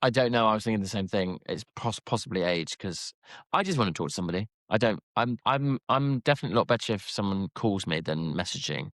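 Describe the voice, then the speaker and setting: A man's voice: on the low side, lively intonation, fast talker, a bit bright, no room sound, studio quality. A man co-hosting a podcast in casual chat, chatty and hesitant with frequent restarts. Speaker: podcast co-host.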